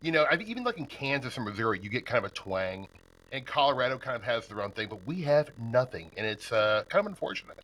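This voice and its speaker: A man's voice: mid-range voice, sing-song, fast talker, a bit bright, poor audio. A man from Nebraska hosting a podcast, chatting casually and laughing often with his guest. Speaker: podcast host. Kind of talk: casual interview chat.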